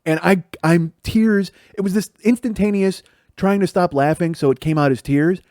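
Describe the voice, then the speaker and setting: A man's voice: high voice, moderate pace, darkish tone, no room sound, clean studio sound. A middle-aged man from the Chicago area, hosting a podcast and telling profane stories about his childhood, laughing as he goes. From Chicago area, USA. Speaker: podcast host. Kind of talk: storytelling monologue.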